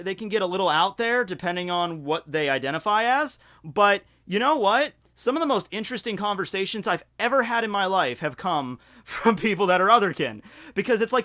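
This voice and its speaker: A man with a bright, forceful voice, pitched a little high, tells a story on his vlog. He rambles and swears freely in animated bursts. He sounds casual and unscripted. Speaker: YouTuber telling a story.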